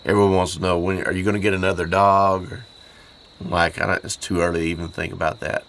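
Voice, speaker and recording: A heartbroken man speaks in a very deep, hoarse voice, choked up and halting. He pauses and repeats himself. Faint crickets hum behind him outdoors on a mountain farm. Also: level tone, a bit bright. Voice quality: hoarse, voice lower than usual. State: choked up from grief. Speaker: homestead channel host. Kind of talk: grieving personal vlog.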